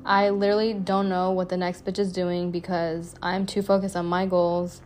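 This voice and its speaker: A woman's voice: lowish voice, little pitch movement, moderate pace, darkish tone, a little hiss or hum. Blunt, profane young woman podcaster. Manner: blunt, profane, chatty with frequent "like" fillers. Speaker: podcast host. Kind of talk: casual solo podcast monologue.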